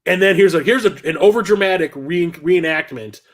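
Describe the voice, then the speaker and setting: A man's voice: high-pitched, fairly quick, fairly bright tone. A middle-aged man hosting a casual talk about his film collection, rambling and enthusiastic, with many fillers. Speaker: host.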